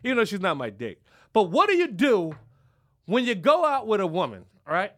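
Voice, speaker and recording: A man with a high voice and a moderate pace hosts a podcast and hails from Philadelphia. He tells a casual, profane story with plenty of animation, imitating the people in it.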